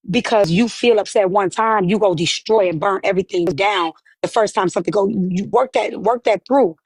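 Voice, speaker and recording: A woman speaks earnestly to the group, lecturing and often repeating herself as she builds her point. Her voice sits at a middle pitch, and the recording is dry and close. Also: a little mellow, dry recording, rough recording. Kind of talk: heated casual talk.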